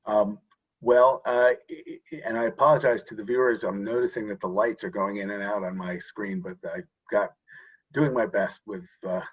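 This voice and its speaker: Over a video call, a guest expert on voting rights answers an interview question earnestly, frequently restarting his sentences. His voice is fairly low, steady, and slightly rough at a moderate pace, with the high frequencies cut off.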